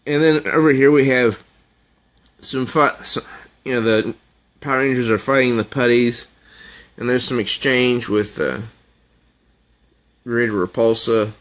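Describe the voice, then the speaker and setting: A man casually reviewing a comic book, talking slowly and haltingly. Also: medium pitch, steady tone, fairly bright tone. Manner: slow, halting, with fillers and restarts.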